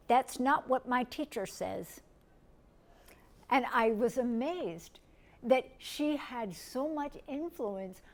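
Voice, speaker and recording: A middle-aged woman from the United States, teaching a lecture in a gentle, step-by-step way and asking her listeners questions. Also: a little high. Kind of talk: recorded lecture.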